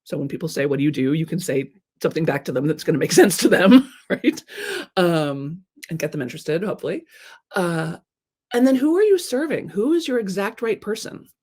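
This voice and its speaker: A woman's voice: lowish voice, animated, fairly quick, a little mellow, breathy edge. A woman coach giving a live talk to her audience, playful and teasing, often checking in with "right?" and acting out people in mock voices. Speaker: creativity and marketing coach.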